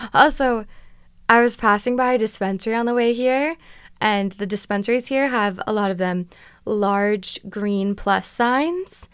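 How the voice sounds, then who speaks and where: Smooth-voiced young woman telling a story. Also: a little high, dry recording, studio quality. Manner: chatty, dramatic retelling with quick asides. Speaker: vlogger. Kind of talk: casual storytelling vlog.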